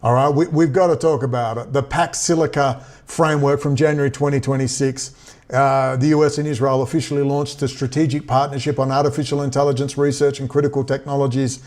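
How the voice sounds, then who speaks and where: A man ranting in casual commentary, sarcastic and mocking, often jumping into high exasperated tones. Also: little pitch movement, brisk, a little mellow. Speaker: vlogger.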